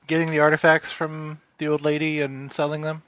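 A man's voice: on the high side, monotone, brisk, a bit bright. A man as a player in a tabletop game, asking questions with stumbling restarts.

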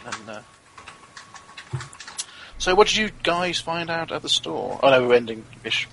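A man playing a tabletop game, asking questions in a halting way. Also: medium pitch, animated, vocal fry, fairly bright tone, a little hiss or hum, poor audio. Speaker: player.

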